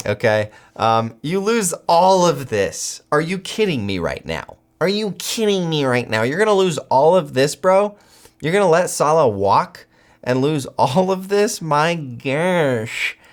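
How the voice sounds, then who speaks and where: An American man hosting a football channel, giving solo commentary with animated, incredulous outbursts. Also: fairly high pitch, takes it slowly.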